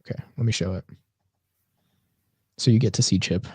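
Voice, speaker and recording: A man's voice: on the low side, moderate pace, slightly rough, no room sound. A man co-hosting a casual comedy podcast, rambling with lots of fillers and restarts. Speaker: podcast co-host.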